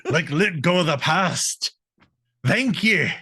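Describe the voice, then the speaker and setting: A man voicing a gruff old Viking ghost with a put-on Scottish brogue that drifts toward a pirate voice, drawing out his words. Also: fairly high pitch, lively intonation, slow pace, pushed and bright, dry recording, clean studio sound, voice pushed up, exaggerated voice. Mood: grateful.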